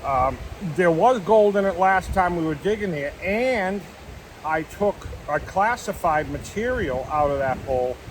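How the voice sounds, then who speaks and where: A man's voice: sits high, lively intonation, measured pace, noisy background. A man hosting a casual outdoor prospecting vlog, talking in an easygoing, rambling, folksy way at a dig site. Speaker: gold prospecting vlogger.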